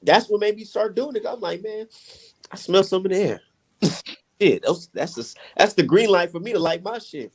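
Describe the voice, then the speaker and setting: Profane, animated storytelling man. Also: sits high, normal speed, husky. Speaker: podcast host. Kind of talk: casual chat.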